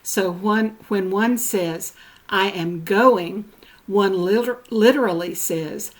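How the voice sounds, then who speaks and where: An older woman presenting genealogy notes, reading slowly and carefully, spelling out words letter by letter. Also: fairly low pitch.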